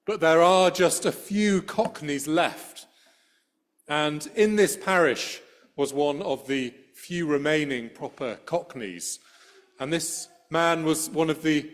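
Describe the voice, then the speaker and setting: A middle-aged man giving a sermon as a priest, telling a story in a conversational way with dry humor, speaking into a church microphone. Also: a little high.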